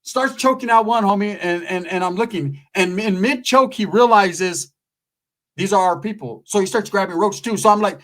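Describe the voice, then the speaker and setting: A man from California's Central Valley telling a profane comedic story, animated and constantly asking "right?". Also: high-pitched, normal speed.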